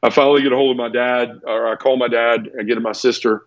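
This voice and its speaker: A man's voice: medium pitch, steady tone, fast, no room sound. A man telling a personal story as an interview guest, earnest and teary, often repeating words and restarting his sentences. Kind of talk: emotional personal storytelling in conversation. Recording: dull lo-fi dry sound.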